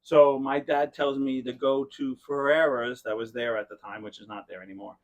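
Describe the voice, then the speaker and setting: A man's voice: medium pitch, steady tone, moderate pace, highs cut off. A man hosting a podcast, telling a long rambling story in casual chat and often breaking into laughter. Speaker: podcast host.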